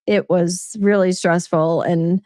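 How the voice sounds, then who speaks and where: A woman's voice: on the low side, steady tone, slow pace, a little mellow, no echo, clean studio sound. A woman co-hosting a live stream in casual chat, giggling and reading viewers' messages aloud.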